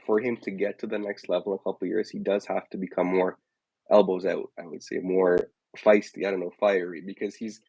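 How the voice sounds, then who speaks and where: A man co-hosting a casual chat, giving measured, thoughtful opinions. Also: low-pitched, flat delivery, creaky, mellow, slightly rough, dry recording, poor audio. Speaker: podcast co-host.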